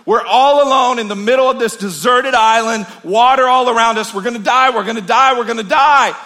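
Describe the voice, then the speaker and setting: A man's voice: on the high side, normal speed, pitched above the performer's own voice, lightly acted. Frantic stranded man, as a preacher puts him on. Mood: panicked. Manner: frantic, repeating himself, shouting. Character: panicking man stranded on an island.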